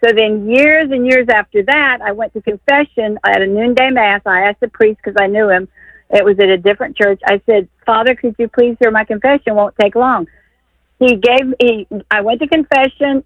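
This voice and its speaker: An older woman calls in to a radio show, excited and rambling as she tells her story. Her voice comes through a tinny phone line. It sounds dry, with no room behind it. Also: a little high, moderate pace, no echo. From Texas. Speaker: caller. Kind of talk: call-in radio talk.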